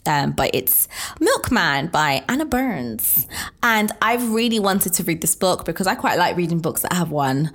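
A woman's voice: lowish voice, sing-song, moderate pace. A woman, co-hosting a casual book chat, laughing often and chatty. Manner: giggly, chatty, reads blurbs in a hushed voice. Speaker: podcast co-host. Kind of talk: casual chat about books.

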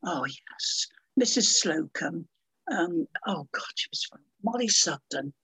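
An older woman telling lively anecdotes as an interview guest, theatrical and calling people dear and my love. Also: on the low side, measured pace, creaky, breathy edge.

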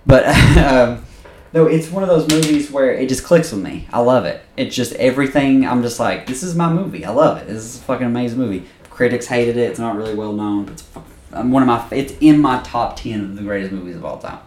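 Animated swearing podcast man, roomy sound. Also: medium pitch, brisk. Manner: animated storyteller, acts out quotes, swears often. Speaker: podcast co-host. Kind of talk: casual chat. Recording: roomy echo.

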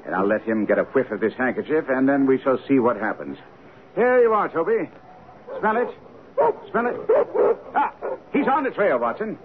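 An actor playing a brisk, commanding middle-aged male detective in a radio drama, with a crisp, precise delivery. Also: mid-range voice, very animated, lightly acted. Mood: eager. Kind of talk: 1970s radio drama acting. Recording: tinny lo-fi radio broadcast with faint hiss.

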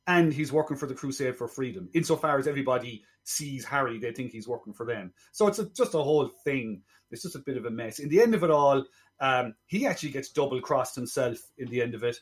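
Man, film podcast co-host, casual review chat, rambling chatty retelling, mid pitch. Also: brisk.

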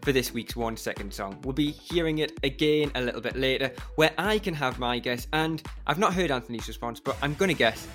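A man's voice: mid-range voice, expressive, brisk, hardly any pauses, fairly bright tone, soft background music. A man co-hosting a podcast, chatting casually and laughing as he tells stories. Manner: chatty, laughs a lot while telling stories. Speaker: podcast co-host. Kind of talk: casual chat.

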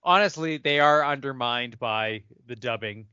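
A man's voice: medium pitch, moderate pace, pushed and bright, clear, resonant tone, dry recording. Rambling man, dry lo-fi commentary. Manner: rambling, hedging, restarting sentences. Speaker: film commentary co-host. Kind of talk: casual movie commentary chat. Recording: dry, dull lo-fi audio.

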